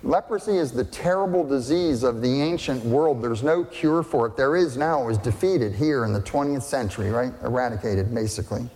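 A man's voice: mid-range voice, fairly quick, few pauses, a little mellow, long reverb tail. A male pastor preaching a sermon in a conversational, emphatic way, asking rhetorical questions.

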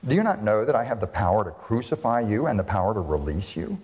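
Stern roman governor, uneasy, wavering, lowish voice, a man reading the part, big echoey hall. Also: very animated, fast talker, a little mellow. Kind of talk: scripture reading. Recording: reverberant hall.

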